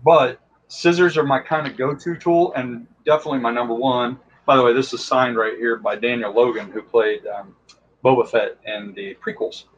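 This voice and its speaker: A man's voice: mid-range voice, fairly even intonation, normal speed, slight background noise. Brief: an easygoing man demoing his crafting tools, chatty with lots of fillers, slightly muffled sound. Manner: enthusiastic, rambling, many fillers. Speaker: costume and prop maker guest. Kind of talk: casual how-to talk.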